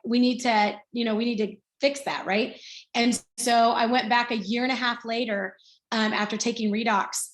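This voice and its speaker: A woman's voice: on the high side, roomy sound. Chatty older woman on a video call. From Middle Tennessee. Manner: chatty, storytelling, many fillers and restarts. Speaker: guest speaker. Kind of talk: casual testimonial on a video call.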